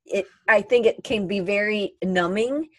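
A woman's voice: mid-range voice, unhurried, fairly bright tone, no echo. A woman hosting a podcast interview, chatting casually and reading out listener questions. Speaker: podcast host.

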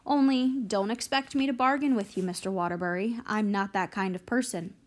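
A woman's voice: medium pitch, fairly quick, lightly acted. A woman reading an audiobook, voicing a stern, stubborn elderly homeowner who talks curtly. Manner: curt, snapping.

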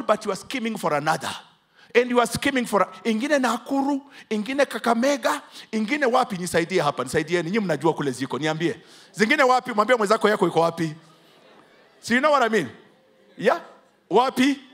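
Kenyan male pastor, high-pitched and animated, dramatic call-and-response preaching. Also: brisk. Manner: preaching, switches between English and Swahili; dramatic, swings from hushed to loud emphatic. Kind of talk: sermon with congregation call-and-response.

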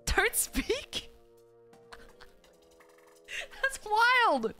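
A young woman from Australia chats with her viewers on a live stream in a high, bright voice that swings up and down a lot. She is loud, swears freely and sounds exasperated, laughing as she talks, with faint music behind her. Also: big pitch swings, very slow. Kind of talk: casual live-stream chat, reading chat aloud.

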